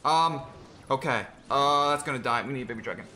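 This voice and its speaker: A young man giving excitable, jokey running commentary on his own gameplay, talking to himself as he plays. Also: mid-range voice, brisk, a little hiss or hum. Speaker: gaming creator.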